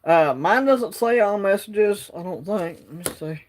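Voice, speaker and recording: A man's voice: high voice, a little slow, slight background noise. A man hosting a casual livestream from his phone, rambling and reading out the chat. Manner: rambling, drawling, reads chat aloud. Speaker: livestream host.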